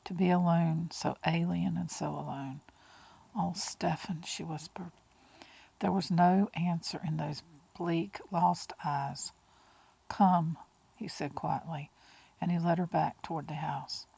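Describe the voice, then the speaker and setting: A woman reading an audiobook in a slow, hushed way, with breathy whispered words. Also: deep voice, fairly even intonation, rough recording. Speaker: audiobook narrator. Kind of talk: audiobook narration.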